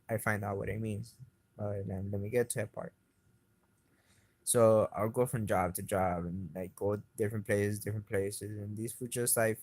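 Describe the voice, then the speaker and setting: A man's voice: on the low side, darkish tone, no room sound. A man telling his story in a rambling, profane way, full of fillers and dropping into Spanish words as he goes. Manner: agitated, keeps retelling his frustration. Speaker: interviewee recounting events. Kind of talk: casual spoken monologue.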